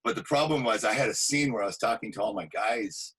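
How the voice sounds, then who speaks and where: A man, an actor and stuntman, telling animated anecdotes in a casual interview, acting out quotes. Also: lowish voice, fast talker, breathy edge, low-quality recording.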